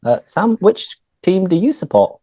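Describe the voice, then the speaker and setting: A man, a teacher chatting casually with a friend and clearly explaining words and phrases for learners over a video call. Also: high-pitched, sing-song, a little slow, warm tone, dry recording. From northern England. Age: 30s. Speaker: English teacher and host. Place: home room, on a video call.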